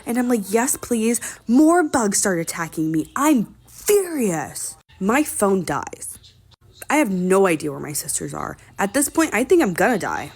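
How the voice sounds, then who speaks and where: A woman's voice: medium pitch, very animated, normal speed, creaky, slightly rough. A woman telling a personal story in a casual, exasperated and profane way, with dramatic comic complaining. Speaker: storytime vlogger.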